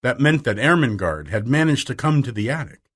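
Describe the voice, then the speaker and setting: A man narrating a storybook with a lively melody. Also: mid-range voice, a little fast, breathy edge. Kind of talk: scripted audiobook narration.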